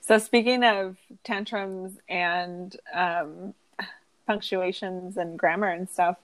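A woman's voice: on the low side, slow, rough recording. Laughing woman recapping an episode. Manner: laughs often, animated storytelling. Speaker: podcast host. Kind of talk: casual chat and episode recap.

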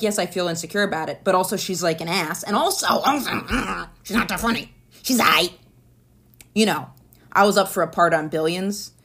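Low-voiced, swearing woman comedian rambling. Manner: rambling, profane, animated asides. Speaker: stand-up comedian. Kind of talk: casual podcast storytelling.

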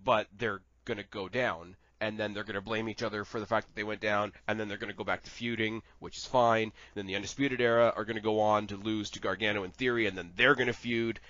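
Man, podcast co-host, casual wrestling chat, animated, profane, dry muffled sound. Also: lowish voice, quick pace, hardly any pauses, dry recording. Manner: animated, swears a lot, rambling asides.

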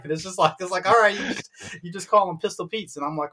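A man with a bright, forceful voice talks loosely about basketball. He wanders into side stories and acts out what other people said. The delivery is casual and chatty. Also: on the high side, quick pace. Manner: rambling, tangent-prone, acts out quotes. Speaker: podcast co-host. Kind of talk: casual sports chat.

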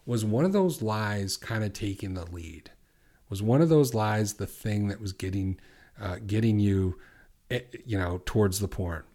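A middle-aged man hosting a podcast as a recovery coach, asking earnest questions and slowing down to repeat affirmations. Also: fairly low pitch, warm tone. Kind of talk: coaching monologue.

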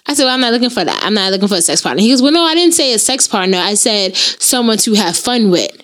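A woman's voice: medium pitch, fast. A young adult woman, telling a story in casual chat and acting out both sides of a conversation. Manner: animated, profane storytelling that acts out both sides of a dialogue.

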